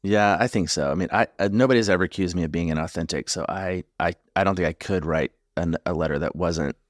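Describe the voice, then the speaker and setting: A middle-aged man, a marriage therapist co-hosting a podcast, talking in a reflective, halting way with many restarts. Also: low voice, no room sound, clean studio sound. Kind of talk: casual conversational podcast chat.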